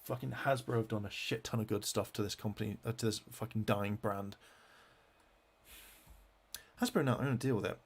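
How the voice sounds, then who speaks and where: A man's voice: fairly low pitch, steady tone, normal speed, long pauses. A man venting in an angry vlog rant as he clicks through web pages, swearing constantly and restarting his sentences. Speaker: fan vlogger.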